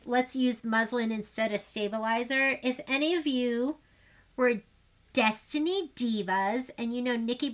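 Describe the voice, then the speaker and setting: On the high side and pushed and bright, this woman's voice comes with a slight hiss or hum. She hosts a sewing shop livestream, demonstrating while she chats, rambles and makes fun of herself.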